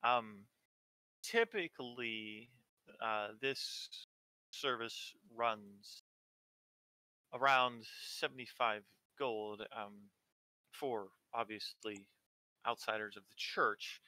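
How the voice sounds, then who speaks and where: Brief: man voicing a calm, polite high priest, bright and dry. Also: slow, long pauses, no echo, heavily acted. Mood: courteous. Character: male high priest, composed and helpful.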